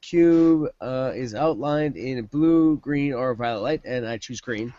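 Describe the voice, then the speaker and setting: A man's voice: mid-range voice, slow, dull audio, slight background noise. A man playing a tabletop game, chatting casually over a voice call, joking and stammering at times. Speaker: player.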